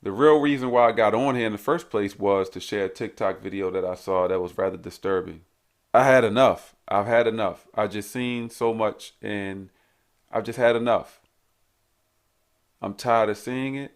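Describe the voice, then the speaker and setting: A man's voice: lowish voice, moderate pace. A man hosting his own show, delivering a blunt, preachy ranting monologue full of repeated rhetorical questions. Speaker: host.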